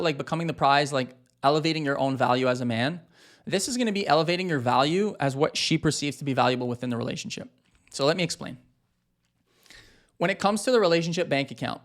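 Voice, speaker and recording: A man's voice: mid-range voice, fairly bright tone. A man in his thirties, a marriage coach, giving a direct and emphatic talk to husbands with frequent fillers.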